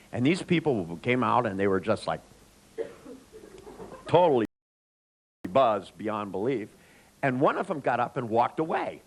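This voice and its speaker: Male speaker, gravelly voice, animated storytelling, lively pitch swings. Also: low-quality recording. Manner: animated, chatty, with many restarts. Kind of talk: anecdotal storytelling talk.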